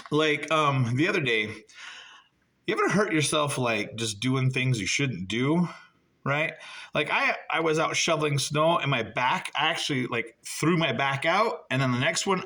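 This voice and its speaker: A middle-aged man doing stand-up storytelling, jumping high in pitch when he acts out dialogue. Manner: animated, jumps high when acting out dialogue. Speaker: stand-up comedian.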